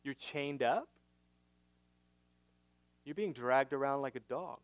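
A man's voice: medium pitch, takes it slowly, smooth, dry recording, close to an everyday voice. A man voicing a stern Roman governor questioning a prisoner in a sermon. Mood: probing. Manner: probing, repeated questions.

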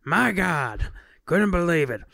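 A podcast co-host putting on a boastful impression of a famous male film actor, loud and crude. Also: medium pitch, big pitch swings, takes it slowly, vocal fry, dry recording, studio quality, voice pushed up, heavily acted. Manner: loud, swaggering, crude bragging.

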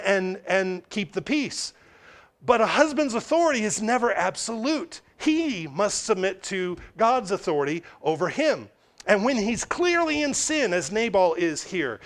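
High-voiced man preaching a sermon. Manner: expository preaching with frequent restarts and acted asides. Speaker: pastor.

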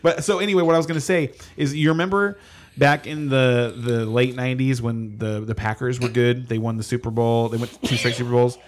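Brief: male podcast co-host, excitable, rambling football chatter, often laughing. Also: medium pitch, fairly quick. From California. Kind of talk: casual sports chat.

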